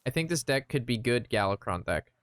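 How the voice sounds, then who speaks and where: A man chatting casually while playing a card game, retelling an anecdote in an animated, rambling way. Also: medium pitch, brisk, a little hiss or hum. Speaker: gaming streamer. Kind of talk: casual gameplay commentary with storytelling.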